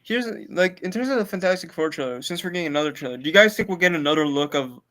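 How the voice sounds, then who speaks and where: A man on a casual live stream, talking excitedly and filling his speech with "bro" and "like". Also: fairly high pitch, quick pace. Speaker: watch party co-host.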